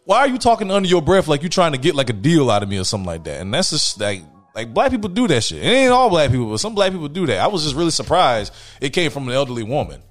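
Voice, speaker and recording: A man's voice: medium pitch, big pitch swings, fast, hardly any pauses, soft background music. A young man in casual podcast chat, telling a story with lots of slang and acting out both sides of a quarrel. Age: young adult. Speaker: podcast co-host.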